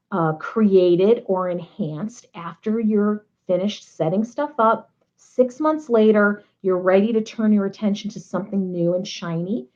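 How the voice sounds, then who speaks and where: Woman, middle pitch, casual advice vlog, chatty with playful asides, slightly muffled audio. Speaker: nonprofit technology consultant. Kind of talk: casual advice talk to camera.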